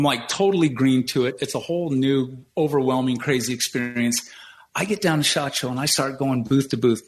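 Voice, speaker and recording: A man telling a long story on a podcast in an animated, casual way, acting out the people he quotes and swearing now and then. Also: mid-range voice.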